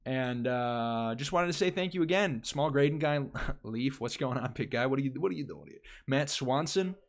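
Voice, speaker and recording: A man's voice: mid-range voice, lively intonation, moderate pace. A young man hosting a casual live stream, rambling and restarting his phrases as he talks to his chat.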